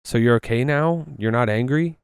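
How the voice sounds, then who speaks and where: A man's voice: mid-range voice, normal speed, clear, resonant tone, no echo, clean studio sound, lightly acted. A man voicing a frightened eight-year-old boy with an odd foreign accent who pleads and clings. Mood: pleading.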